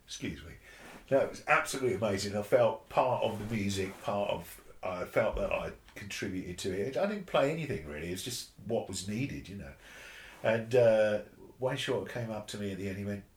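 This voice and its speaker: A man, a bass player telling a story in a casual interview, animated and swearing freely, acting out the voices of others. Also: moderate pace. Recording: roomy echo.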